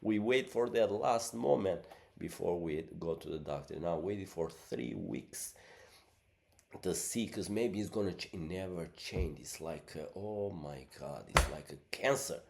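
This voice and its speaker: Low-pitched, creaky and a little mellow, this middle-aged man takes his time as he talks. A native speaker of Albanian, he meanders through a relaxed monologue heavy with fillers like "you know what I mean," his voice blocked up from a month-long illness.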